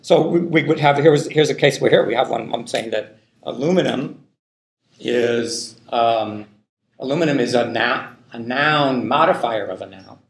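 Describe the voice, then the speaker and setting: Guy lecturing linguistics in a big echoey hall, gravelly voice, lots of um and "right?". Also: medium pitch, normal speed. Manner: loose, thinking aloud, many fillers and "right?" checks. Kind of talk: classroom lecture.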